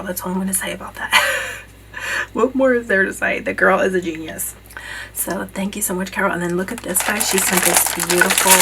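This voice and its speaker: A woman vlogger gushing over gifts in a casual unboxing video, bursting with excitement and often dropping to a hushed voice. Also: fairly low pitch, very noisy. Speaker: beauty vlogger. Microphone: camera mic.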